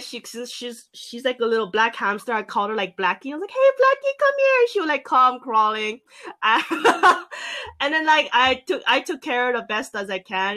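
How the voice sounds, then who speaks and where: A young woman telling a casual story on a podcast, filling pauses with "like" and acting out her own past lines. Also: on the high side, sharp tone. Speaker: podcast co-host.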